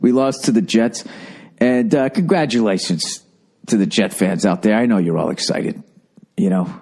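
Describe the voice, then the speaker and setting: A man's voice: on the low side, normal speed, a little mellow, breathy edge. Profane sarcastic man ranting. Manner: sarcastic, profane, mocking, riffs loosely. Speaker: podcast host. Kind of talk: profane comic rant.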